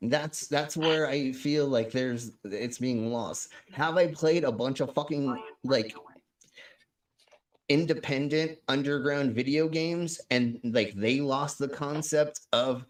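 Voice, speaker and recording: A man's voice: medium pitch, takes it slowly. Rambling, swearing male stream host. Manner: rambling, profane, many restarts. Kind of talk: casual chat.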